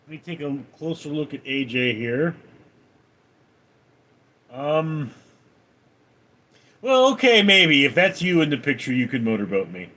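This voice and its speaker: A man's voice: medium pitch, animated, normal speed, pauses often, a bit bright. A man hosting a casual livestream, reading viewer messages aloud and giving wry, blunt replies from home. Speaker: livestream host reading chat.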